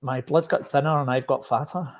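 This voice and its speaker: A man with a Glaswegian Scottish accent talks casually as a podcast guest, joking and laughing as he goes. He stumbles and repeats words while telling his story. His voice sits at an ordinary middle pitch. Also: fairly even intonation, brisk. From Scotland. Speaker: podcast guest, safety coach. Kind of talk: casual chat.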